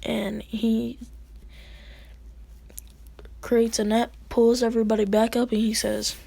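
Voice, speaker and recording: Gravelly, husky woman telling a story casually, rambling and slangy. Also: a little high, little pitch movement, slow pace, warm tone. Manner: rambling, slangy narration with fillers. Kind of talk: casual storytelling of a fan scenario.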